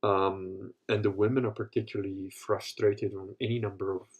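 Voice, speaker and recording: A man's voice: lowish voice, little pitch movement, normal speed, slightly rough, muffled recording. A man hosting a live Q&A, telling crude, rambling stories with lots of profanity. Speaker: host answering live questions. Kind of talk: live Q&A talk.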